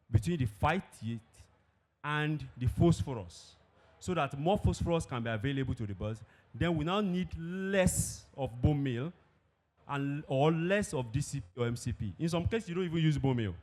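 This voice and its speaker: A man's voice: fairly high pitch, darkish tone. A man gives a technical presentation on animal feed to an audience of farmers, explaining step by step and putting questions to the room. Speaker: industry presenter. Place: conference hall with a live audience.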